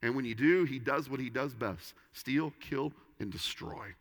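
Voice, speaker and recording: A man preaching a sermon as pastor to a congregation, telling a story dramatically and swinging between loud calls and hushed lines. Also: medium pitch, unhurried, big-room sound. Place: church sanctuary with an audience.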